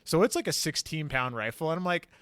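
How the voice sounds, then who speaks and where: A man's voice: a little high, animated, quick pace, fairly bright tone, no echo. A man hosting a podcast, telling a long story in casual chat, rambling with lots of fillers and casual swearing. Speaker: podcast host.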